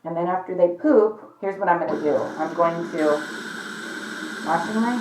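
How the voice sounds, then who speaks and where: Talking to the camera from home, this pet vlogger rambles in a chatty way and keeps addressing viewers as "you guys." She has a fairly low pitch and speaks at a normal speed, over a noisy background in an echoey, somewhat dull recording.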